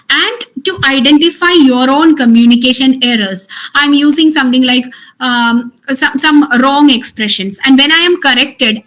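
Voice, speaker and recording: A woman's voice: high-pitched, fairly bright tone, rough recording. A middle-aged woman with an Indian English accent, giving an earnest, encouraging online English lecture. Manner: earnest, encouraging teacher, repeats points for emphasis.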